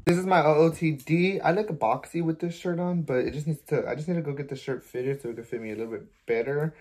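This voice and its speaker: A man's voice: a little high, fast talker, darkish tone, no room sound. A young man vlogging, chatting to the camera in a sassy, swear-filled way, first at home, then in his car and at a dealership. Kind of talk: casual chat to camera.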